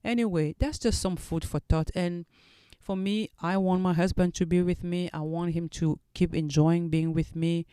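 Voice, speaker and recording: Woman podcast host, earnest and reflective, smooth voice, dry close sound. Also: on the low side, fairly even intonation, warm tone, no echo. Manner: earnest and reflective, with halting restarts. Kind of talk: solo podcast talk.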